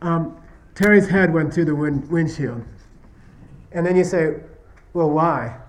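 Speaking at a measured pace, this male Buddhist philosophy teacher has a fairly high voice and a conversational classroom style. Stories come with acted-out back-and-forth questions and answers, and he often asks "okay?" or "you see what I mean?" to make sure he's followed.

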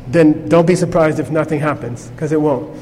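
A man with a somewhat high voice teaches a class in a loose, conversational way, often pausing to check in with his listeners. The room has long reverb and a faint hum of ambience behind him. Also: dark tone. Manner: conversational, peppered with "okay?" checks. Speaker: Buddhist teacher. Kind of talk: informal class lecture.

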